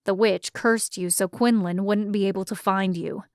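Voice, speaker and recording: A woman's voice: mid-range voice, fairly even intonation, moderate pace, no room sound, lightly acted. A woman voicing a loyal young male druid with a dry, wry way of speaking. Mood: earnest.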